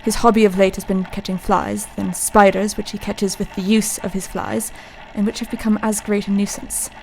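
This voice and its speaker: A woman playing a brooding young doctor in a radio play, reading his journal aloud in a flat, measured voice. He sounds introspective and slightly cold, with faint noise behind him. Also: medium pitch, vocal fry, lightly acted, low-quality recording.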